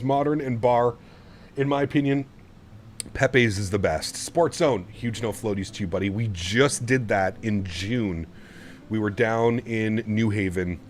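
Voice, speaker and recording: This man's mid-range voice carries a little hiss or hum as he streams a flight simulator from a home setup. He's chatty and rambling with his viewers while flying, and he laughs a lot.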